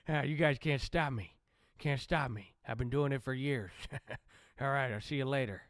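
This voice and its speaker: A man's voice: mid-range voice, a little slow, no room sound, studio quality, lightly acted. A man doing a blustering, boastful old president. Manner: rambling, repetitive, profane boasting. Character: blustering older male president, boastful and crude. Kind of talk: comic impression on a live stream.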